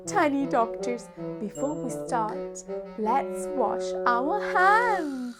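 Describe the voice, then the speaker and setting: A woman hosting a preschool lesson as a doctor, speaking gently in a slow, exaggerated, sing-song way. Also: high voice, big pitch swings, loud music behind the voice. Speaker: children's show host, doctor.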